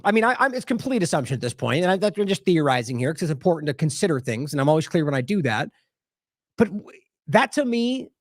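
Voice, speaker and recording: Animated skeptical man commenting on clips. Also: high voice, dry recording, studio quality. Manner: animated, skeptical, many restarts and mocking quotes. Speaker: host of an independent news commentary show. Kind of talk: casual commentary on video clips.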